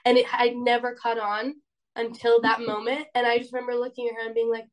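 A woman's voice: fairly high pitch, completely flat delivery, a little fast, poor audio. Earnest young woman telling her story. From Poland. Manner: earnest, rambling, heavy use of "like". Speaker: guest. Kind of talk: candid personal storytelling.

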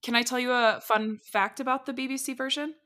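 A woman co-hosting a podcast, playful and quick to laugh, prompting her partner in casual chat. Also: fairly high pitch, steady tone, bright, forceful tone. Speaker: podcast co-host.

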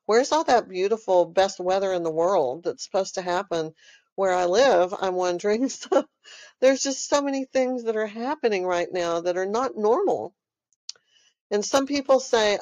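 A woman's voice: medium pitch, normal speed, darkish tone, dry recording. Texan woman, podcast host, rambling emphatic solo talk, dead-dry room. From Texas. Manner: rambling, emphatic, with frequent fillers.

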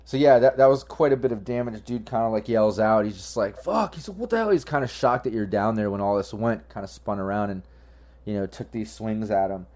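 A man's voice: fairly low pitch, little pitch movement, a little fast, darkish tone. A man running a tabletop game as game master, narrating in a casual, rambling, profane way.

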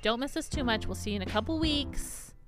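A woman co-hosts a podcast, bubbly and eager, and quick to react to her partner. Her voice sits a bit high, and she keeps the chat light and friendly. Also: over loud music. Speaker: podcast co-host. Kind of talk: casual chat.

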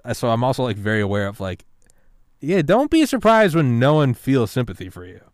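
A man's voice: medium pitch, sing-song, brisk, no echo, studio quality. A young man hosting a podcast in casual chat, rambling through loose asides and laughing often. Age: young adult. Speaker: podcast host.

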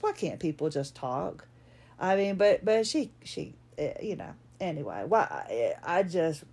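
A middle-aged woman hosts a podcast, drifting through a chatty personal monologue full of restarts and laughter. Her voice is deep with a darkish tone.

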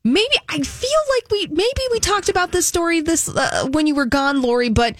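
Woman co-host briskly reading celebrity news. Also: sits high, animated, no room sound, studio quality. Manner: reads news items briskly, quoting sources. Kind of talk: casual radio talk show chat.

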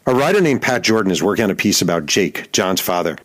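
A middle-aged man with a fairly low voice narrates his own story on a podcast. His delivery is dry and deadpan, with a wry edge. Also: fast. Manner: wry, deadpan narration with heated acted-out quotes. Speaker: podcast host and journalist. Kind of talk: scripted first-person storytelling.

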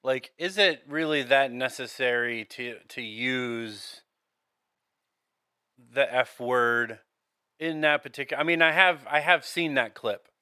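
A man's voice: mid-range voice, unhurried, sharp tone, smooth, no echo, studio quality. A man co-hosting a podcast, talking in a hesitant, skeptical way with many restarts. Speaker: podcast co-host. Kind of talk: casual chat.

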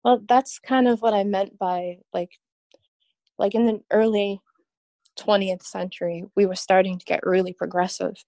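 A woman's voice: medium pitch, steady tone, moderate pace, dark tone, dry recording. A woman guest on a podcast, talking in a rambling, earnest way and laughing often. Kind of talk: casual podcast chat.

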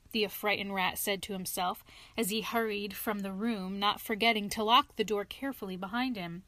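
A woman's voice: medium pitch, fairly even intonation, normal speed, pushed and bright, dry recording. Woman reading a storybook aloud. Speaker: narrator.

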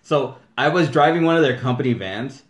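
A young man co-hosting a podcast, telling rambling stories in a mellow, laid-back way and swearing often. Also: mid-range voice, animated, fairly quick. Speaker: podcast co-host. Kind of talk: casual podcast chat. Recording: echoey room.

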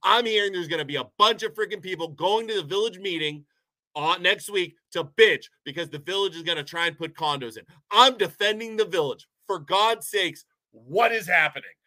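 A man's voice: high voice, moderate pace, sharp tone. A man from Ohio delivering a heated, sarcastic rant as a local commentator, sounding a bit sick. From Poland, Ohio, USA. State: sick, unwell. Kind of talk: ranting monologue.

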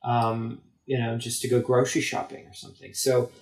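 A man's voice: mid-range voice, flat delivery, fairly quick, darkish tone. Guy, earnest chatty talk, bit of room echo. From United States. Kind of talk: casual conversation.

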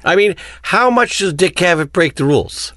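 A man co-hosting a casual chat who jumps in with quick jokes. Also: sits high, expressive, fairly bright tone, no echo, clean studio sound. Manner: quick joking interjections. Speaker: podcast co-host.

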